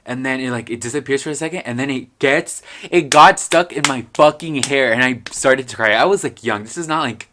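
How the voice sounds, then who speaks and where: Young male vlogger, mid-pitch, casual and profane, prone to loud bursts. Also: a little fast, hardly any pauses, noisy background. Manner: profane, filler-heavy, swings to loud outbursts. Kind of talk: casual vlog rant.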